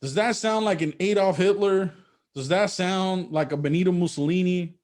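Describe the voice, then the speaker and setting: A man's voice: sits high, moderate pace, a little mellow. A man co-hosting a political talk show, who builds his case with rhetorical questions and often repeats words as he starts a sentence. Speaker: podcast co-host.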